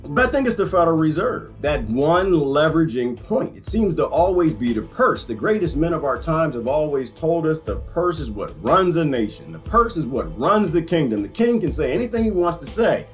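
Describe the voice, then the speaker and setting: A man's voice: fairly high pitch, big pitch swings, normal speed, few pauses, soft background music. A middle-aged man ranting casually about politics, joking and laughing often with loose slang. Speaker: vlogger.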